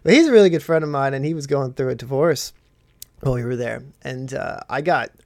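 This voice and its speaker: A man's voice: mid-range voice, a little fast, dry recording. A man in his twenties, a podcast host, telling crude stories in casual chat and acting out the quotes.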